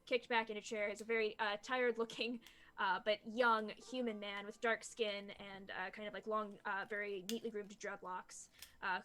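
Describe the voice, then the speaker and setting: A woman narrating as game master of a tabletop game, pausing often with fillers as she describes the scene. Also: medium pitch, bright, forceful tone. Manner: halting, many fillers while describing scenes.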